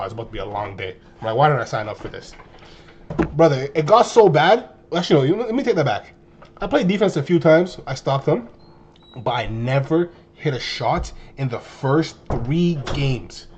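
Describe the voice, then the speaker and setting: A man in his twenties telling a story to his viewers in a casual, animated way, full of slang and exaggeration. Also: mid-range voice, husky, lo-fi sound. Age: 20s. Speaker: streamer.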